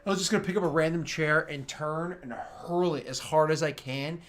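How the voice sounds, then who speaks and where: A player in a tabletop role-playing game, jokey and excitable. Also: medium pitch, normal speed. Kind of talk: casual tabletop play.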